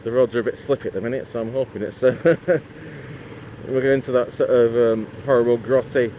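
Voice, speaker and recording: A man's voice: mid-range voice, steady tone, fairly quick, mellow, a little hiss or hum. A man chatting casually to camera for his motorcycle vlog, rambling with lots of asides and fillers. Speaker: motorcycle vlogger.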